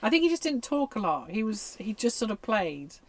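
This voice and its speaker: A woman's voice: on the high side, sing-song, fairly quick. Rambling, hesitant woman co-hosting. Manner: rambling and hesitant, fills gaps with "sort of". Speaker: co-host. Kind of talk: casual livestream chat. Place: on a narrowboat.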